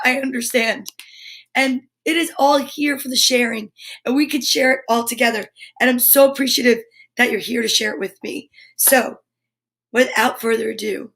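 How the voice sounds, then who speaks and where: Upbeat woman host of a live kids' story hour. High voice, encouraging, leads chants and reads aloud. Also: gravelly, a bit bright. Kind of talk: live children's storytime with affirmations and read-aloud. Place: home studio for a live stream.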